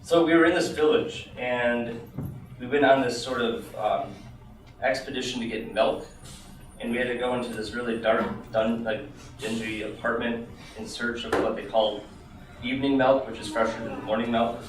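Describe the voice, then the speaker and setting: A man's voice: mid-range voice, steady tone, normal speed. A man, the author, giving a live reading of his memoir with chatty asides, ums and laughs. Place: bookstore. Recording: echoey room, distant mic, background noise.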